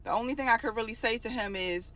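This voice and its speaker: A woman's voice: a little high, quick pace, fairly bright tone, slight background noise. A woman telling her own story in a casual, emotional storytime monologue, repeating phrases for emphasis.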